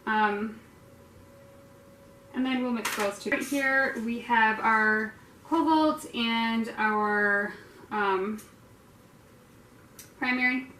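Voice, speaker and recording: A woman's voice: fairly high pitch, very slow, pauses often, sharp tone. A woman hosting a casual painting tutorial, chatty and rambling with lots of fillers, poking fun at herself. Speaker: art tutorial host. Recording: echoey room, distant mic, faint noise.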